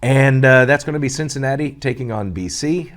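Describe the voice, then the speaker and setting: A man's voice: medium pitch, brisk. A man, the show's sports director, running through college sports in an easygoing, joking chat. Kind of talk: casual morning show sports chat.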